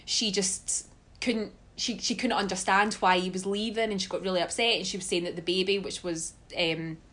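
A Scottish woman telling stories as a guest in a casual podcast chat, chatty and quick to laugh. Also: mid-range voice, steady tone, a bit bright. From Scotland. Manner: chatty storyteller, laughs often.

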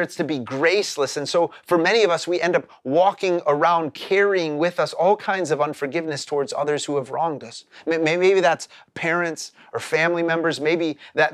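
A man's voice: fairly high pitch, fairly bright tone, no echo, studio quality. A man preaching a sermon as a pastor, earnest and explanatory, often repeating words as he starts a phrase.

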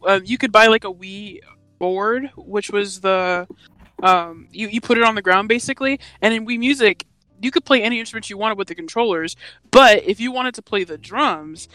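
A woman's voice: mid-range voice, fairly bright tone, dry recording. A young woman co-hosting a podcast, chatting casually and rambling, with many fillers. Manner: rambling, full of fillers and laughs. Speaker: podcast co-host. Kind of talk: casual chat.

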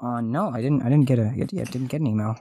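A man's voice: medium pitch, fast, dark tone, no room sound. A man hosting a comedy podcast, flustered and stammering through repeated restarts. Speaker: podcast host making prank-style calls. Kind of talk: comedic improvised podcast bit.

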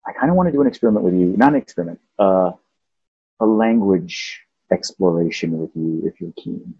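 A man's voice: low-pitched, animated, a little fast, mellow, breathy edge, no echo, muffled recording. A man hosting a casual talk show, playfully explaining language and singing out example tones. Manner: playful, teaching, sings out tones. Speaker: podcast host.

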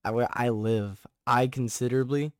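A young man hosting a casual sports podcast who gets excited, rambles and often restarts his sentences. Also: medium pitch, normal speed, no echo, studio quality. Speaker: podcast host.

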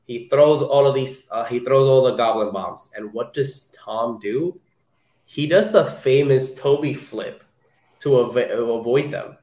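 A young man talks eagerly on a casual podcast, swearing often and acting out lines from scenes. His voice sits at an ordinary pitch, with a roomy echo around it. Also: unhurried. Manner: excited, swears freely, acts out quotes. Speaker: podcast co-host. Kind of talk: casual chat, movie talk.

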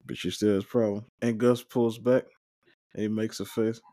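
A man talks through an episode recap in an easygoing, meandering way, tossing in fillers as he goes. His voice sits on the lower side and sounds warm and mellow. It's recorded close and dry, with no room sound. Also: level tone, normal speed, no echo. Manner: rambling, loose retelling with fillers. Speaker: podcast host.

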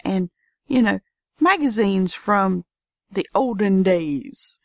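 A woman's voice: mid-range voice, lively intonation, slow, vocal fry, no echo, studio quality. A woman with a Southern US accent hosting a casual solo podcast from her home office, chatty and folksy. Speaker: podcast host.

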